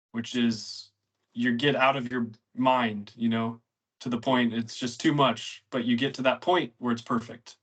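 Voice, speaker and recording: A man chatting casually on a podcast, explaining ideas in a steady way. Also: mid-range voice, poor audio.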